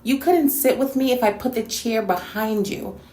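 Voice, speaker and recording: A woman's voice: a little high, normal speed, warm tone, reverberant. A woman from New York City hosting a response video, talking bluntly and scolding with plenty of sass. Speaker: YouTube reactor and host.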